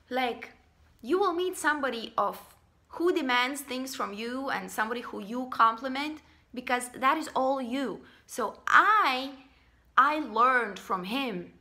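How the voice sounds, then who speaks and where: Blunt, bright-voiced woman vlogging. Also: on the high side. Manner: blunt and emphatic, swears, repeats phrases for stress. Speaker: spiritual vlogger. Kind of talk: casual spoken monologue.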